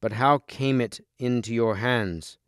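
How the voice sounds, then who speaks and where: A man reading as a noble king, speaking slow, measured and resolute, in a smooth, clear, lowish voice. The storybook delivery sits close and dry on the mic. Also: a bit bright, no echo, natural voice. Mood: solemn. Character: noble wounded male king, solemn and resolute.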